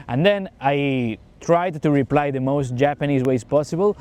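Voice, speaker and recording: Male podcast teacher, somewhat high and mellow, relaxed and chatty while telling a story. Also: a little fast, hardly any pauses. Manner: chatty, checks in with the listener. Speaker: English teacher and podcast host. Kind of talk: casual anecdotal storytelling.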